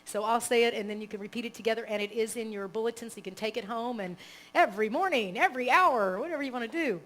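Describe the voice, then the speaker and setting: Animated woman minister, higher voice. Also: fast talker, low-quality recording. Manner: animated, conversational, rambling with restarts. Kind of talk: sermon. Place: church service, live.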